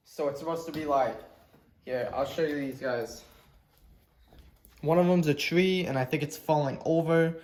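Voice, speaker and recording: A man's voice: mid-range voice, darkish tone, slight background noise. A man hosting a casual food review, playful and jokey, with hesitant fillers. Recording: echoey room.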